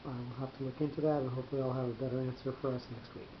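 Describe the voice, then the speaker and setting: A man teaching a class, explaining patiently and slowly with frequent pauses. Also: mid-range voice, little pitch movement. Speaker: teacher of Torah cantillation. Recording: roomy, dull, slightly noisy recording.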